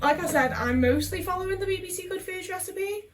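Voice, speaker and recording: A woman's voice: very high-pitched, a little fast, distant mic, slight background noise, rough recording. A young woman, chatting casually and self-mockingly while she cooks at home, tagging questions onto her sentences. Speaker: vlogger. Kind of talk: casual cooking vlog chat.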